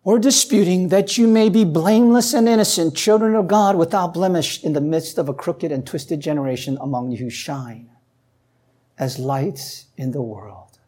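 A woman delivers a sermon at a moderate pace, reading scripture aloud and putting questions to her listeners. Her voice climbs to emphatic peaks before dropping low and quiet.

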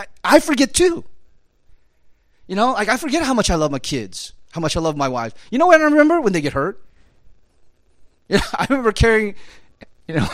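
A middle-aged man preaching a sermon in a casual, conversational way, peppering his talk with "right?" and "you know" and rising high and loud when he makes a point. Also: no room sound, studio quality. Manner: animated, swings high and loud when emphatic.

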